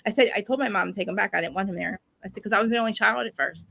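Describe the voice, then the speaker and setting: A woman talks at a fast clip in a relaxed, chatty way, with a gravelly fry in her voice. She rambles through animated stories, piling up fillers as she goes. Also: mid-range voice, poor audio. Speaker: podcast co-host. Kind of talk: casual chat.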